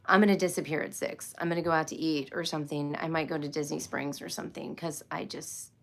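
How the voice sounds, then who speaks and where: A woman's voice: deep voice, steady tone, fast talker, gravelly. A middle-aged woman hosting a casual livestream for homeschool viewers, tired and a bit loopy, rambling, giggling and apologizing as she talks. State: tired and loopy after a long workday.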